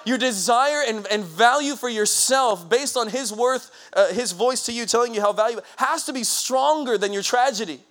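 Lively preacher man, high-pitched, talks to the crowd, jokes and acts out quotes. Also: moderate pace, few pauses. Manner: lively, conversational preaching with laughs and acted-out quotes. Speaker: pastor. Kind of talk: sermon.

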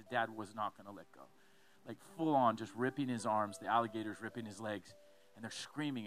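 Animated male pastor preaching. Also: medium pitch. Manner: animated storytelling with asides and repeated phrases. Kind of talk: sermon.

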